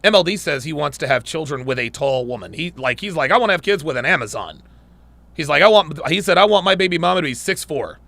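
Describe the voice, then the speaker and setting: A man hosting a live stream, reading out chat comments and answering with crude, joking banter. His voice sits somewhat high and is bright and sharp, and it swings widely in pitch. The recording is close and dry. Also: animated, fast, dry recording. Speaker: livestream host reading chat. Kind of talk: casual livestream chat.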